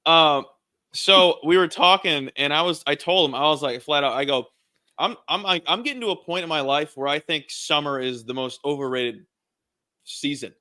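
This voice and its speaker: Excitable male podcast co-host, high and bright, laughs a lot while storytelling. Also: moderate pace. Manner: laughs through his stories, excitable. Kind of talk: casual storytelling chat.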